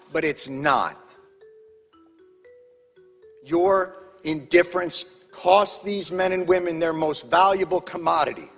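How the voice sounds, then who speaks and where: An angry man delivers an impassioned speech in emphatic, measured bursts. His voice is slightly husky and pitched a little high. Long hall reverb surrounds him, with faint music underneath. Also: a bit bright. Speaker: advocate testifying at a congressional hearing.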